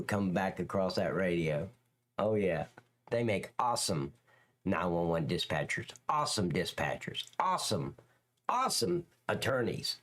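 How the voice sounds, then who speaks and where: A middle-aged man, a former police officer, ranting bluntly and crudely as he chats with viewers on a livestream, his pitch swinging up and down. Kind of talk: casual livestream chat reacting to viewers.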